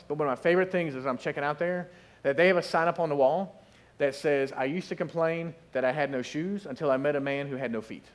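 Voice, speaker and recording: High-voiced pastor preaching lively. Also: male voice. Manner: lively storytelling, acts out voices in quotes. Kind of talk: sermon. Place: church sanctuary.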